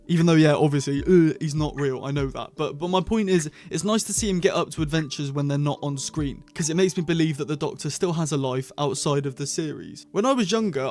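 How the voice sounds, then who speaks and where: A man hosting a casual review vlog, talking in a chatty, rambling way and often correcting himself. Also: fairly high pitch. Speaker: channel host reviewing episodes.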